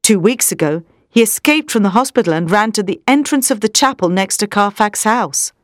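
Woman voicing an agitated young doctor, lively pitch, dry sound. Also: normal speed, no room sound, lightly acted. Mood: anxious. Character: anxious young male asylum doctor.

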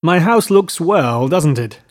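A man's voice: fairly high pitch, lively intonation, moderate pace, lightly acted. Gatsby, eager showy rich man, read by a man. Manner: eager, boastful, keeps saying "old sport". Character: eager wealthy young man, showy and anxious.

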